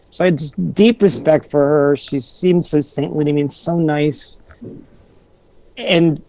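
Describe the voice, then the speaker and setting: Male podcast guest, fairly high voice, animated storyteller who repeats himself; dry close recording. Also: dry recording, poor audio. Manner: animated, restarts and repeats phrases, acts out his own quoted reactions. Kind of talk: personal storytelling in an interview.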